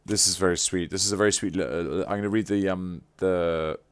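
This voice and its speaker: A man's voice: low-pitched, fairly even intonation, brisk, clean tone. A man chatting casually on a live stream, effusive and playfully teasing. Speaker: livestreamer.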